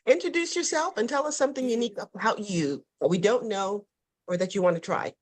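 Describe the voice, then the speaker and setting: A woman from New York runs an online networking call over a video link. She is chatty and upbeat and often doubles up her words. Her pitch sits in the middle of the range. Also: brisk. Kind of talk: lively casual hosting.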